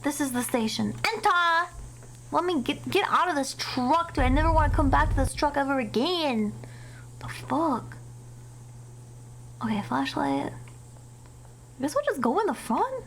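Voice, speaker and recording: Excitable high-voiced woman swearing. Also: normal speed, rough recording. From United States. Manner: excitable, swears a lot, shrieks when startled. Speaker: streamer. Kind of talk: live game commentary. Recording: loud game noise behind the voice.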